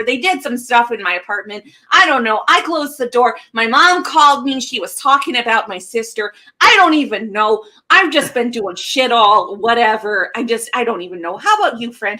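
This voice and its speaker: A high-pitched woman with a Midwestern accent and a bright, ringing tone co-hosts a casual podcast. She plays up a folksy Minnesota twang and drops swear words with loose, joking ease. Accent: Midwestern American. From American Midwest. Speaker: podcast co-host. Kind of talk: casual chat.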